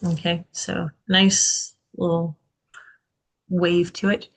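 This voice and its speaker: A woman's voice: on the low side, little pitch movement, slow pace. A woman tutoring students through a recorded alphabet lesson, chatty and upbeat, walking through each stroke step by step.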